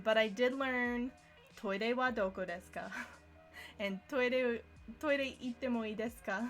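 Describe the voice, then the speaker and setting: A woman's voice: fairly high pitch, a bit bright. A young woman giving a casual live-streamed language lesson, chatty and self-deprecating, often laughing at herself. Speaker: language teacher.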